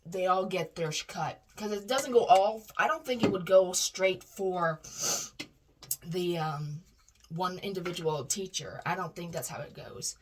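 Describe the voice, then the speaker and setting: A woman's voice: lowish voice, a little slow, background noise. A woman telling a personal story casually, rambling with frequent restarts and self-corrections.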